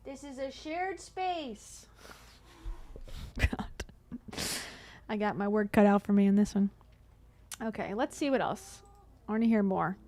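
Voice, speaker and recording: A woman's voice: mid-range voice, normal speed, long pauses, mellow. A woman hosting a comedic commentary video who reacts to clips with playful, sarcastic asides. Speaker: commentary host.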